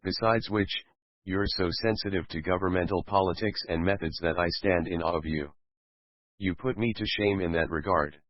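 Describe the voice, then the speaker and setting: A man's voice: deep voice, moderate pace, dry recording, natural voice. A man voicing a wry, teasing scientist. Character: joking, ironic male scientist. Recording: dull lo-fi recording.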